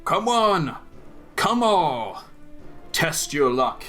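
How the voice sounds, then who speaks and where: A man voicing a male barker on a muffled recording, shouting a rousing call through wind. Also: lowish voice, measured pace, faint music behind.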